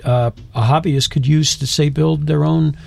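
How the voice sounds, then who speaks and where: Gravelly higher-voiced radio co-host. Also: male voice, fairly even intonation, normal speed, darkish tone. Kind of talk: radio talk show.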